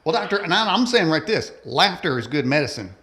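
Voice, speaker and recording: A male talk show host chats with a guest in a homespun, cowboy-flavored way. His voice sits fairly high for a man. He talks easily and plainly, loose and friendly in his phrasing. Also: big pitch swings, a little fast, pushed and bright. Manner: folksy, self-described cowboy talk. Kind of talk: casual interview chat.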